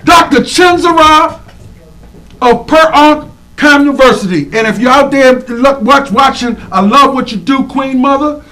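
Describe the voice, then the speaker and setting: On a low-quality recording with a little hiss or hum, a high-voiced man gives animated shout-outs honoring women in the community. He uses a preacherly call-and-response manner and draws out each name.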